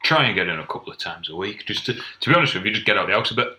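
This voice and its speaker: A young man from North East England chats casually as a podcast co-host, spinning dry, sweary anecdotes. His voice is bright and forward, and the room around him rings with echo. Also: fairly low pitch, big pitch swings, very fast. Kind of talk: casual chat.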